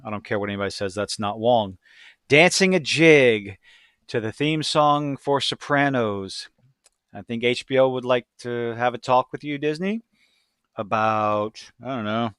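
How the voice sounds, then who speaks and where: A man's voice: medium pitch, a bit bright, smooth, no echo, clean studio sound. Blunt rambling man reviewing a show. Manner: blunt, rambling, self-deprecating. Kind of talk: casual review commentary.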